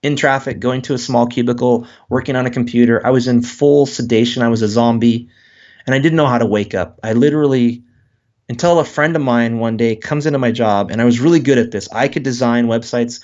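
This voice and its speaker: Author guy on a podcast, animated, does little voices for quotes, dull lo-fi sound. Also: mid-range voice, fairly quick. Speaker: author and guest. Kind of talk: casual interview talk.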